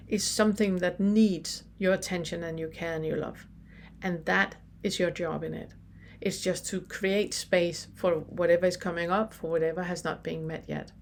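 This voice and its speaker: A woman, giving a recorded spiritual lesson in a gentle, reflective way with pauses and restarts. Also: lowish voice, a little hiss or hum. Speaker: spiritual teacher.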